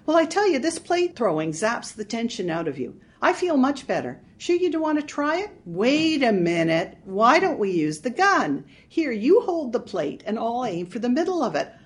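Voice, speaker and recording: A woman's voice: on the high side, sing-song, normal speed, few pauses, pitched above the performer's own voice. A woman voicing gleefully unhinged housewife Marge. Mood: bossy cheerful.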